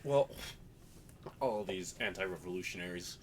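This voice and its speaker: A man's voice: low voice, animated, normal speed, background noise. A man voicing a young male vampire chef, polite with a smug edge.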